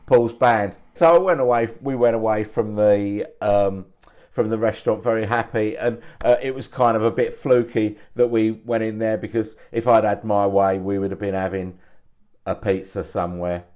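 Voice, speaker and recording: A man's voice: fairly low pitch, steady tone, normal speed, a little mellow. Chatty, chuckling man. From England. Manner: chatty, chuckling, self-deprecating. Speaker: channel host. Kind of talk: casual anecdotal storytelling.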